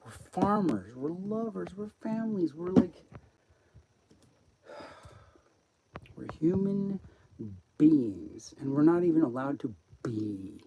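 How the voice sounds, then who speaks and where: A man's voice: fairly high pitch, sing-song, slow, gravelly, long pauses, lo-fi sound, background noise. A man talking on a live stream in a rambling, profane monologue that jumps from topic to topic.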